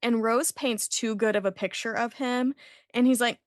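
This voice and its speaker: A woman, hosting a podcast and retelling an episode in an animated way, acting out the characters' lines. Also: fairly high pitch, a little slow, long pauses, no room sound, clean studio sound. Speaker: podcast host recapping an episode. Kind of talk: casual podcast recap.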